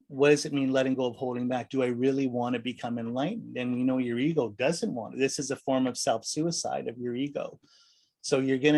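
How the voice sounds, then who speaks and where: Man teaching a casual, rambling dharma class. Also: darkish tone. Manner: rambling, conversational, full of rhetorical "right?"; acts out voices with sudden high pitch jumps. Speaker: meditation teacher.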